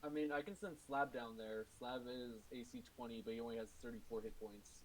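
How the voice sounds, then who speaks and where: A man's voice: mid-range voice, brisk, a crowd in the background, rough recording. A man playing a tabletop game, talking through tactics in a practical way. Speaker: player. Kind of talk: casual tabletop game chat.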